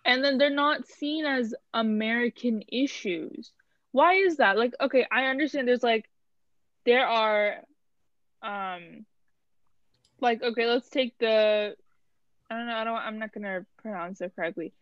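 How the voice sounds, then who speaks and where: Young woman, higher voice, casual podcast chat, dull dry recording. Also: unhurried, dry recording. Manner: animated, chatty, many fillers. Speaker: podcast co-host.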